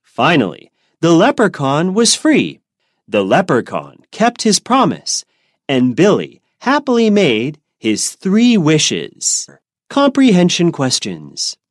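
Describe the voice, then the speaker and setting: A woman reading an English learners' storybook aloud slowly and clearly, then answering its comprehension questions. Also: low-pitched, huge pitch swings, no room sound, studio quality. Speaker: reader of a graded English reader.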